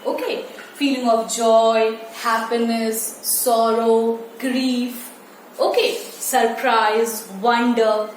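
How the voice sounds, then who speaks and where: A primary school English teacher gives an online lesson to young children, speaking slowly and repeating key words while stretching them out. Her voice is fairly high with little pitch movement. The recording sounds distant, in a very echoey room with faint noise.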